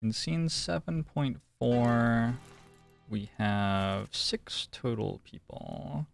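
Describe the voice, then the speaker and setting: A man streaming a detective game, musing slowly and thinking aloud as he works through each scene. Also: medium pitch, gravelly, soft background music. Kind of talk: casual let's-play commentary.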